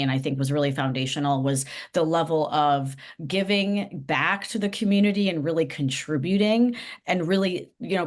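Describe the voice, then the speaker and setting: Woman, nonprofit leader, deep for her sex, thoughtful and sincere interview guest. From Los Angeles, US West Coast. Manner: earnest, reflective storytelling. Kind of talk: podcast interview.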